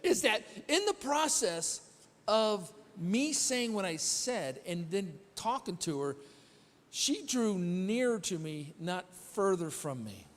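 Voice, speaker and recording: A man's voice: high voice, very animated, slow. A man preaching a conversational sermon as pastor, quizzing the congregation and telling stories with self-deprecating humor. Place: church sanctuary. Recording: long hall reverb in a church.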